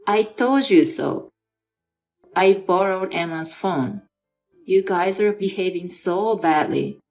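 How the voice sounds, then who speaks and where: A woman's voice: fairly low pitch, lively intonation, slow, a little mellow, faint music behind. A woman voicing a stern aunt in a dramatized story, firmly scolding her nephew. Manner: firm and scolding.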